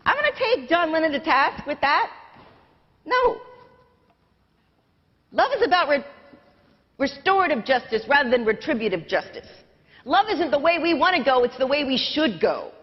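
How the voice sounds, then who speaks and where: An American woman pastor preaches with an easy, conversational warmth, poking fun at herself as she goes. Her voice rings out with a long reverb through the church sanctuary. The livestream sound is muffled and dull. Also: on the high side, very animated, moderate pace. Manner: conversational, self-deprecating, sings snatches of lyrics. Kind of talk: sermon.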